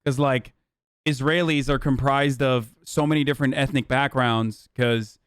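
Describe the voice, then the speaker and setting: A man's voice: medium pitch, steady tone, normal speed, fairly bright tone, smooth, no echo, studio quality. A male streamer giving blunt, profane, exasperated reaction commentary.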